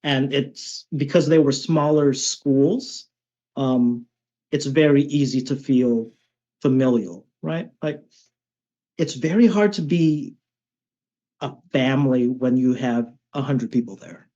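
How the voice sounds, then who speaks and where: A man's voice: mid-range voice, slow pace, warm tone. Chatty male guest on a lo-fi line. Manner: chatty, with frequent "um" and "right?" tags. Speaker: martial arts instructor, guest. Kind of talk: conversational storytelling.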